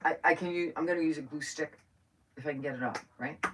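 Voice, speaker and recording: A woman's voice: sits low, quick pace, background noise. A middle-aged woman hosting a live crafting stream, chatting and thinking aloud as she works. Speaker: craft host. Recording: distant from the mic.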